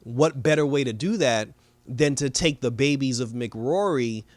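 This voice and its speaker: Man, casual show recap, animated storytelling, dry close sound. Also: mid-range voice, a little slow, no room sound. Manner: animated retelling, acting out characters' lines, laughing. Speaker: TV review host.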